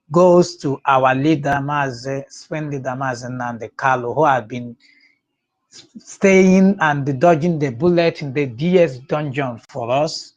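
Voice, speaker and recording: A man in a live audio room who opens with drawn-out chanted calls, then greets the listeners at length. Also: medium pitch.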